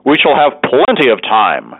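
A man playing a hearty old host whose voice rises in a lively, rallying way. It comes through a narrow, phone-like channel. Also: medium pitch, normal speed, creaky, no room sound, exaggerated voice. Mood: jovial. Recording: dry, phone-like narrow sound.

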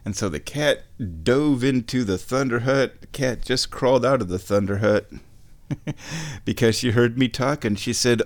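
A man chatting casually on his stream, meandering and correcting himself, and sometimes talking to his cat in a high baby voice. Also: measured pace. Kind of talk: casual rambling chat.

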